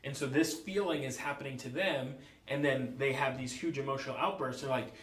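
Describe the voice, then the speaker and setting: A man's voice: medium pitch, brisk, a bit bright. A man in his thirties from the United States, explaining ideas from a parenting book in an earnest, reflective way as a podcast co-host. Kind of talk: casual book club discussion. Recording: echoey room.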